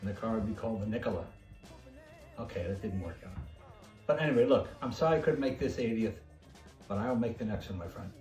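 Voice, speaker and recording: A man's voice: lowish voice, lively intonation, quick pace, long pauses, a little mellow, soft background music. A man sending a comic video birthday greeting, full of mock-serious tall tales. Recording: roomy, distant mic.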